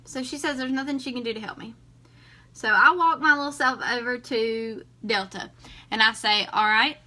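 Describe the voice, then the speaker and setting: Bright, chatty woman in her twenties. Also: on the high side. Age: 20s. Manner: chatty, animated, acts out dialogue. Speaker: vlogger. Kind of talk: casual storytelling to viewers.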